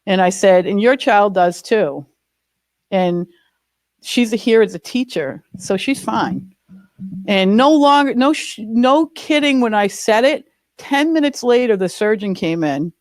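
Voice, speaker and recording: A woman's voice: medium pitch, lively intonation, measured pace, darkish tone, no room sound. A woman sharing a personal story in a spiritual group, emphatic and earnest. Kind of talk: personal testimony.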